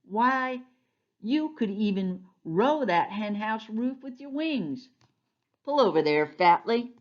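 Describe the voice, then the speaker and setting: A woman voicing a bossy, cheerful old countrywoman who scolds in a brisk, folksy way, in a storybook reading. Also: a little high, expressive, dull audio.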